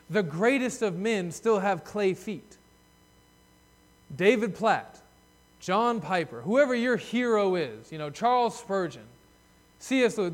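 An earnest male pastor preaches a sermon in a high-pitched voice. When he voices a desperate plea he swells loud and high, then drops soft and low to reflect.

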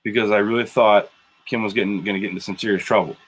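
Man from illinois, low voice, casual podcast chat, rambling, repeats himself. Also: fairly even intonation, fast talker. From Wilmington, Illinois, USA. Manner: rambling, repeats himself while telling stories. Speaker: podcast co-host. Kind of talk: casual chat about a TV show.

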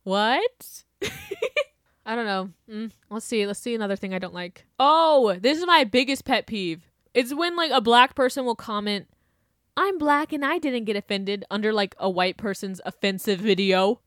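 A young woman with a sing-song, slightly bright voice on the high side hosts her podcast at a moderate pace. The recording is studio quality with no room sound. She rants casually and sarcastically, laughing a lot and erupting into exaggerated outbursts.

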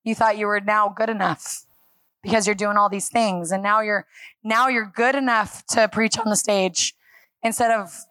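A woman speaking at a church on a handheld microphone, giving a lively, self-deprecating sermon that acts out her talks with God. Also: mid-range voice, normal speed, dry recording. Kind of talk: conversational sermon. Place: church stage.

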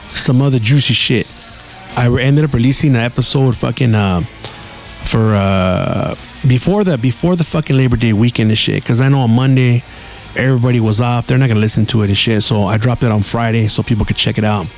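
A man hosts a solo podcast, spinning loose stories in a relaxed, profane way. His talk is full of slang with Spanish words mixed in, and faint music sits under him. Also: medium pitch. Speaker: podcast host. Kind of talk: casual solo storytelling.

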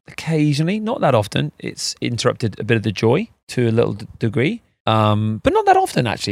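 A man co-hosting a podcast, chatting casually with jokey banter and laughing often, and leading a slow breathing exercise. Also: fairly low pitch, creaky, no echo. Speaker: podcast co-host. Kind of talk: casual chat and guided breathing.

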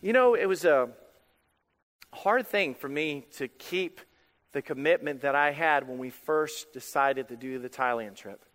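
High-voiced pastor preaching in a reverberant church. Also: male voice, unhurried. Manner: animated, emphatic preaching with repetitions. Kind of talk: sermon.

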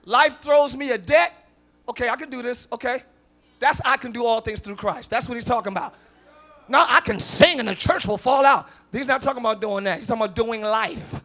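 High, bright-voiced preacher man. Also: a little fast. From northern United States. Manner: preaching with call-and-response, swinging from soft asides to loud shouts. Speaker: pastor. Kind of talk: sermon. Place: church sanctuary, live service.

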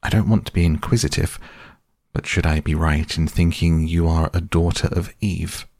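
A man's voice: low voice, steady tone, normal speed, darkish tone, no echo, studio quality, natural voice. A man voicing a fussy, polite male faun who flusters and repeats himself eagerly. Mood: flustered, eager.

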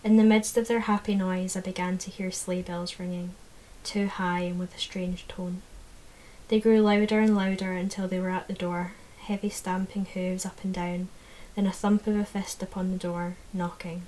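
A woman narrating a fantasy audiobook in the first person, in a measured, low-key way. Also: little pitch movement, darkish tone, low-quality recording.

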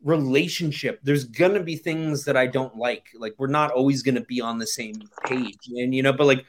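A man's voice: medium pitch, normal speed. A man hosting a podcast in casual chat, talking frankly and swearing now and then. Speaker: podcast host.

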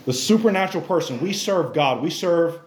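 A man preaching a casual, animated sermon in church, acting out characters in exaggerated voices and using youthful slang. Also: fairly high pitch, fairly quick, echoey room, a little hiss or hum. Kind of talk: lively sermon.

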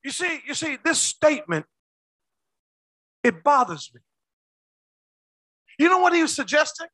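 A male preacher delivers a sermon in a high, bright voice that swings between booming shouts and near-whispers. He calls out to the congregation, and the recording is close and dry. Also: big pitch swings, unhurried, no echo.

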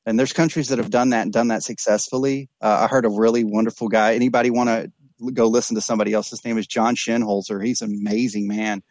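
A man's voice: fairly low pitch, little pitch movement, fast talker, darkish tone, no echo. A man working as an addiction counselor, speaking earnestly and reflectively in a candid podcast conversation, often restarting and repeating words. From East Texas.

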